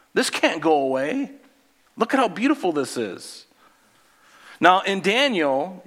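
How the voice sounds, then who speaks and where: Male pastor preaching, kinda high voice, chatty, keeps asking the crowd stuff. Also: a bit bright. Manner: conversational preaching, asks the congregation questions and jokes. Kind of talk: sermon.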